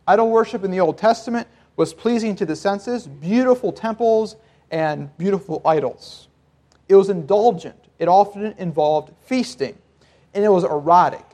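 A man with a notably high voice delivers a sermon to a congregation. He preaches in a relaxed, conversational way, explaining and joking as he goes. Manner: conversational preaching with occasional laughs. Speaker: pastor.

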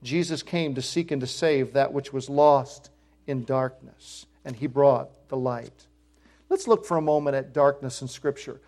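A man's voice: mid-range voice, fairly even intonation, a little slow, darkish tone. A middle-aged male pastor preaching a sermon, emphatic, lifting his voice on key phrases.

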